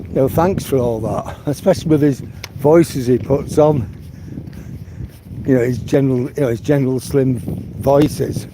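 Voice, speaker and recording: Male, middle pitch, rambling walk-and-talk host, outdoor noise and traffic audible. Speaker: live-stream host. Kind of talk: casual chat while walking. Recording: outdoor noise with passing vehicles.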